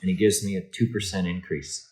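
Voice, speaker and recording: A man from Canada, a guest in an interview, telling a story with lively acted-out dialogue and many restarts. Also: sits low, a little fast, rough recording. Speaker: interview guest, insurance executive.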